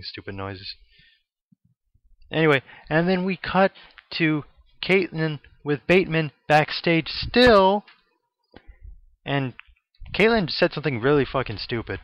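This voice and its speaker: A man of ordinary pitch rants his way through a casual review, sarcastic and liberally profane, wandering off on tangents. The recording is dry and close, with a dull, lo-fi edge. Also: no room sound. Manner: profane, sarcastic, rambling with quick asides. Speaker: wrestling show reviewer.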